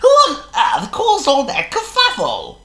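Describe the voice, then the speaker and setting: A man's voice: extremely high pitch, wildly swooping pitch, measured pace, a bit bright, reverberant, voice pushed up, full character voice. A man voicing a cheerful, fussy male blackbird in a storybook reading, who repeats himself chattily. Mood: fussy, chatty.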